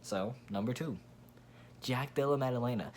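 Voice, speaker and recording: A man's voice: mid-range voice, normal speed, darkish tone, slight background noise. A man hosting his own channel, giving a blunt, profane, rambling casual opinion rant with frequent restarts. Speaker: MMA commentary channel host.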